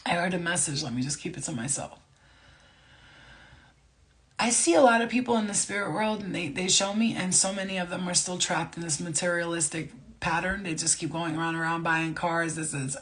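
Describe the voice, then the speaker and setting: Woman, spiritual vlogger, unscripted rant: swears constantly, heated and emphatic, loose casual delivery. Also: mid-range voice. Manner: loose, casual phrasing with many fillers.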